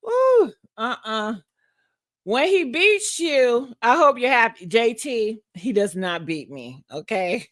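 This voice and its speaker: Sassy high-voiced woman. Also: sing-song, slow pace, a bit bright, dry recording, clean studio sound. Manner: sassy, laughs often, drawls words out. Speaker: host. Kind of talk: casual live-stream chat.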